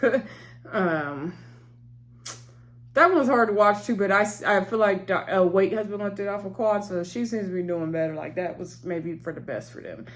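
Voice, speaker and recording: A woman's voice: mid-range voice, normal speed. A woman, chatting casually as she recaps a TV episode, rambling and laughing often. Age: 30s. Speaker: TV show reviewer.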